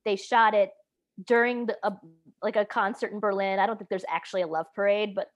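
A woman's voice: medium pitch, brisk. A woman, a writer, chatting casually about films, talking in restarts and trailing asides with frequent laughs. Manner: chatty, animated, laughs often, trails off mid-sentence. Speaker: podcast guest, writer.

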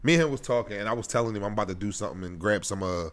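A man co-hosting a podcast, telling stories in fast, animated casual chat. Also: on the low side. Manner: rapid, animated storytelling. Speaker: podcast co-host.

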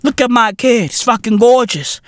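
A man with a South African accent, hosting a comedy show, delivering a profane, animated rant in heavy slang with shouted bursts. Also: extremely high pitch, moderate pace, music in the background. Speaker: comedy podcast host.

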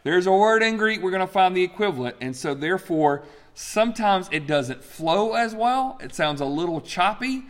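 A pastor teaching a sermon with slides, talking in an animated, emphatic way with frequent fillers and restarts. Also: male voice, high voice, moderate pace, in a large hall.

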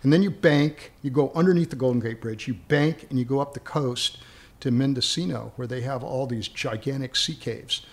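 A man's voice: medium pitch, normal speed. A man casually telling a long anecdote in a rambling way, often repeating words as he starts a thought. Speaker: guest storyteller.

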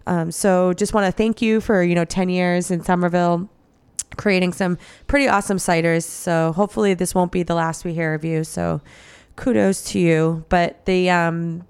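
A woman's voice: lowish voice, steady tone, moderate pace, a little mellow, clear, resonant tone, no room sound. A woman co-hosting a local radio show at a studio mic, chatting casually with easy laughs. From New England. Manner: chatty, easily laughing, some fillers. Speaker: radio co-host. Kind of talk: casual radio chat and promo read.

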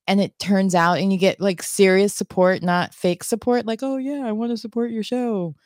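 A woman's voice: medium pitch, steady tone, moderate pace, darkish tone, no echo, clean studio sound. A woman hosting an interview, reacting with emotion and enthusiasm to her guest's story. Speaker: interview host. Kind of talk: casual interview chat.

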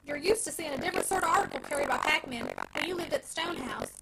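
A woman's voice: extremely low pitch, huge pitch swings, fast, gravelly, loud music behind the voice, voice pushed down, heavily acted, low-quality recording. A woman reading aloud and voicing a sly, humble country packman in a coaxing rustic dialect. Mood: wheedling. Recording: loud background noise.

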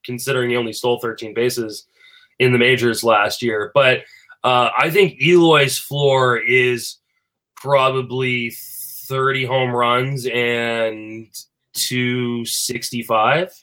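A man talking fantasy baseball in a casual chat, animated and full of fillers and restarts. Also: mid-range voice, slow pace. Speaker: fantasy baseball podcast panelist.

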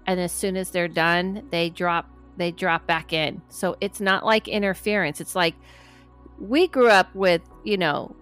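Lowish and unhurried, the middle-aged woman's voice carries over faint background music as she hosts her podcast. A medium by trade, she chats animatedly and acts out other people's voices in her stories.

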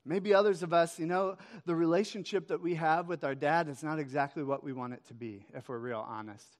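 A man in his thirties preaching a Father's Day sermon, telling a story with quick swings between loud and hushed. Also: fairly high pitch, fairly even intonation. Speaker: pastor. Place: church hall. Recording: echoey hall reverb.

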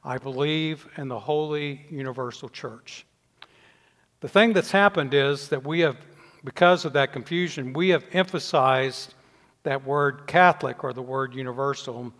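An older man preaching a sermon, measured, letting his voice fall softly at the ends of phrases. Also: mid-range voice. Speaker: pastor. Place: church sanctuary. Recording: long reverb in a church hall.

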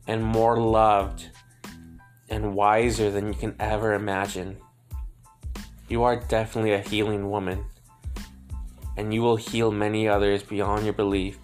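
A man working as a psychic medium, passing on messages in a gentle, halting way, repeating words and laughing now and then. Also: fairly low pitch. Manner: emotional, laughs between lines. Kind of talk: spirit reading, relaying messages.

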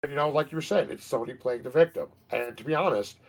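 A man's voice: medium pitch, fast talker. A man in his thirties co-hosting a casual gaming chat, rambling with lots of fillers and restarts. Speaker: podcast co-host.

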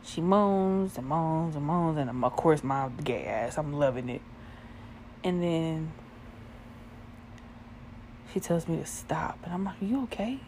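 A young woman telling a crude, profane story in a casual, animated way, often laughing. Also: deep voice, slow, pauses often, slight background noise. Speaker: vlogger.

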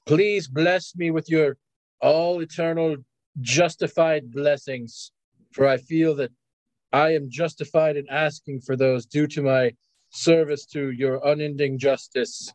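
A man's voice: a little high, steady tone, a little mellow, dry recording, natural voice, rough recording. A man playing a solemn praying adventurer. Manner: solemn, drawn-out pleading. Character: earnest male adventurer praying to a goddess.

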